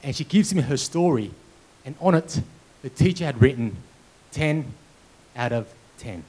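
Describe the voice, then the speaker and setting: Brief: keynote speaker, mid pitch, lively storytelling with comic timing. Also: male voice, measured pace, breathy edge, poor audio. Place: conference hall.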